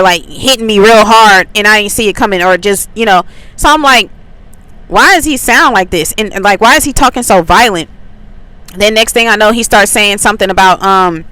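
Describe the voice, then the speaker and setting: A woman's voice: mid-range voice, pushed and bright, clean tone, dry recording, low-quality recording. A woman from Atlanta tells a faith story in a chatty way, with many likes and ums. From Atlanta, USA. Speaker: faith channel host. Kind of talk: casual spiritual testimony.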